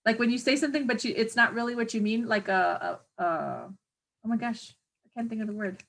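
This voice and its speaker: A woman's voice: on the high side, brisk, gravelly, a bit bright. Chatty woman teacher, lots of fillers. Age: adult parent of a young child. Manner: chatty, hesitant, many fillers, searches for words. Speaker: teacher educator. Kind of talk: exam review lecture.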